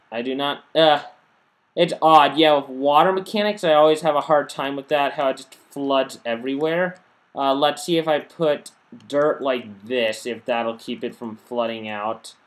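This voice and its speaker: A man's voice: medium pitch, steady tone, moderate pace. A man giving casual gameplay commentary as a channel host, tired and unwell, rambling and stumbling over his words as he corrects himself.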